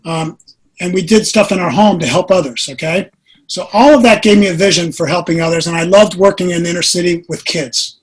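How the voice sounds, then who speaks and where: A man in his sixties, a podcast guest, earnestly telling a personal story with animated delivery. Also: sits high, fairly quick, slightly rough, poor audio. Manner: earnest, animated storyteller who acts out quotes.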